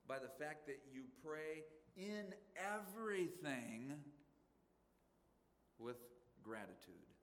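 A man's voice: on the high side, big pitch swings, slow. A man from the western United States preaching a sermon as pastor, emphatic and conversational, firing off rhetorical questions to his church. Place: church sanctuary. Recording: long reverb of a large hall.

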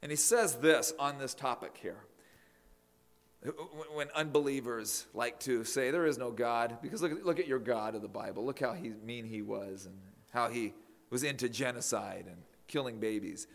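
A man preaching a sermon, emphatic, swinging from loud declarations to near whispers. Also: medium pitch, normal speed, creaky.

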